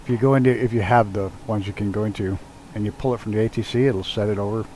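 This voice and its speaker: A man's voice: on the low side, fairly even intonation, fast talker, mellow, a little hiss or hum, poor audio. A man streaming a flight sim at home, chatting loosely with viewers and swearing freely while working the controls. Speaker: live streamer. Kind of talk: casual live-stream chat while flying a flight sim. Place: at home with his dog nearby.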